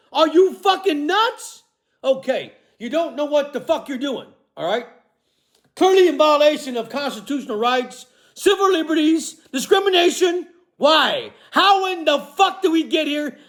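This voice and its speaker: Man, very high voice, furious profane vlog rant, shouts then mutters, constant "okay?" tags. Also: expressive, normal speed. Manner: profane, accusatory, repeats "okay?" and "all right?" tags; swings between shouting and low muttering. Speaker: vlogger. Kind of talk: angry confrontational monologue.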